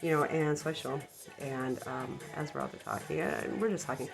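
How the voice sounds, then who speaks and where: Woman vlogger, low and gravelly, rambling casual storyteller, music behind. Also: steady tone, fairly quick. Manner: rambling, full of ums and likes; self-deprecating, embarrassed about the story. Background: background music.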